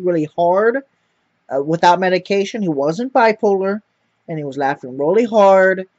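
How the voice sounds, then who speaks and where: A man's voice: high-pitched, darkish tone, no room sound. A man telling a rambling personal story to camera, repeating words and swearing often. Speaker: vlogger. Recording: dull lo-fi dry sound.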